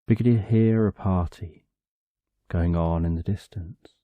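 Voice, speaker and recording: A man narrates a bedtime story meant to help listeners sleep, speaking calmly and slowly in short phrases separated by long pauses. His voice is low and very dark, and the recording is dry and a little dull.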